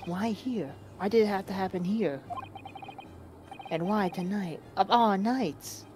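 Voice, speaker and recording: A woman voicing a grieving young male police constable in a fan dub of a game, confessing haltingly with stammers. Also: medium pitch, noisy background, close to an everyday voice. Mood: remorseful.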